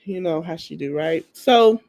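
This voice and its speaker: A woman's voice: mid-range voice, moderate pace. A woman podcast host gossiping through a casual TV recap. She talks in loose, slangy chat and speaks straight to her listeners as if they were friends. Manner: chatty gossipy storytelling, slangy, addresses listeners as y'all; acts out the people she quotes.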